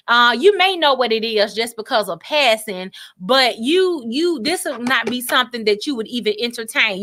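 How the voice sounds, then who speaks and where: Bright, animated woman preaching purpose. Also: on the high side. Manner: animated, preachy, repeats words, folksy asides. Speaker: motivational speaker. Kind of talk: faith-based motivational talk.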